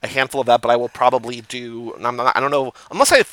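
A man's voice: medium pitch, steady tone, quick pace, a bit bright, no echo. A man co-hosting a podcast, chatting casually about TV episodes and briefly acting out lines. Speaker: podcast co-host. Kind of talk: casual chat about a TV show.

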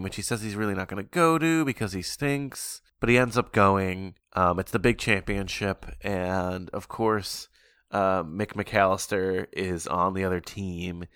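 An easygoing man hosts a podcast, chatting loosely about a film with a co-host. His voice sits low, and the sound is dry and close. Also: moderate pace, a bit bright, smooth, no echo. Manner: easygoing, laughs often. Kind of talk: casual film discussion.

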